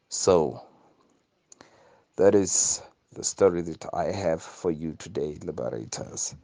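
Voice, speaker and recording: A man's voice: sits low, lively intonation, takes it slowly, dark tone, no echo. A man from Africa telling a folk tale and its lesson in an earnest, hesitant way. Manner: hesitant, many fillers and restarts, earnest. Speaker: storyteller.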